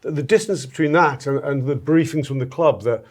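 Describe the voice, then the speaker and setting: A man's voice: a little high, brisk, slightly rough. A man hosting a casual football podcast, playful and jokey, often laughing as he talks. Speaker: podcast host.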